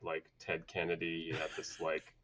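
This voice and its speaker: A man who grew up in Atlanta, a guest on a podcast, telling stories about his life in a relaxed, conversational way and laughing often. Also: very deep voice, moderate pace. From United States (grew up in Atlanta). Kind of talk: casual conversational storytelling.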